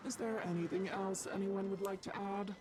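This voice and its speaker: A woman's voice: mid-range voice, steady tone, moderate pace, noisy background, close to an everyday voice. An actress playing a formal female corporate official reading out a penalty in a game.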